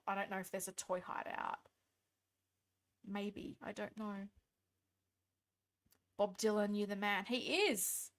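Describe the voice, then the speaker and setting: Australian woman, stream host, tired late-night chat, higher pitched, bright tone, reads and answers comments. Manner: reads viewer comments aloud and answers them, chatty and thankful. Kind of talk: casual live-stream chat.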